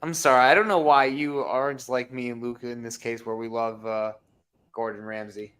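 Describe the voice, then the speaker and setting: A man at an ordinary pitch co-hosting a fan game stream. He talks loosely, teases his co-hosts, and laughs often. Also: fairly even intonation, normal speed, a bit bright, clean tone. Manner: laughing, teasing banter. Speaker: co-commentator. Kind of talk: fan livestream sports commentary.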